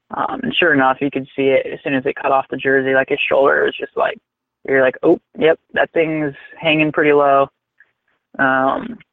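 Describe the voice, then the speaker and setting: A man telling a rambling, animated story in casual chat, swearing freely. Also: a little high, dry recording. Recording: tinny phone-like line, dry.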